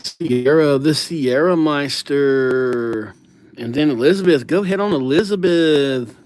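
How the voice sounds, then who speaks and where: A man's voice: fairly high pitch, measured pace, darkish tone, dry recording. A man hosting a casual livestream, chatting loosely with viewers and riffing on their names with silly nicknames. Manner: laid-back, slangy banter with viewers.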